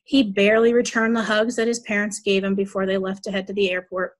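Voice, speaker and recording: A woman reading a children's story aloud at a church service, telling it evenly and clearly. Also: mid-range voice, flat delivery, quick pace.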